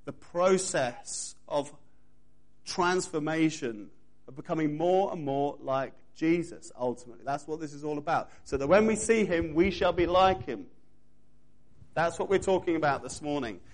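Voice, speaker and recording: A male preacher with a slightly higher-pitched voice delivers a sermon to his congregation. He leans on repetition and emphatic, rhythmic phrasing, addressing listeners directly.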